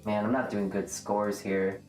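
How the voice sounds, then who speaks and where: A woman's voice: extremely low pitch, flat delivery, a little slow, a little mellow, soft background music. A woman streamer chatting casually and rambling, joking at her own expense while reacting to chat. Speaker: livestreamer. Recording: roomy echo.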